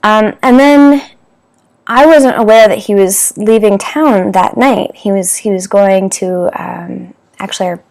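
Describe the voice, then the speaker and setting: This gravelly, slightly mellow medium-pitched voice belongs to a Canadian woman in her thirties, speaking at a measured pace. Vlogging to camera, she tells a dating story in a candid, rambling way, with frequent fillers and restarts.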